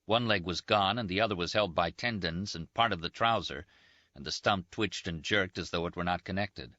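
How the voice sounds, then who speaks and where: A man reading a novel aloud in a measured, grave first-person narration, in a muffled dry recording. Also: low voice, bright, forceful tone, no echo. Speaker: audiobook narrator. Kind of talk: scripted narration.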